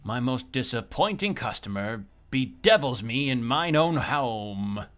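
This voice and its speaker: A man's voice: medium pitch, lively intonation, unhurried, a bit bright. A man putting on a bellowing, pompous fungus shopkeeper. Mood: indignant. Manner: theatrical old-fashioned speech, bellowing. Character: pompous archaic-speaking fungus shopkeeper, male, easily offended.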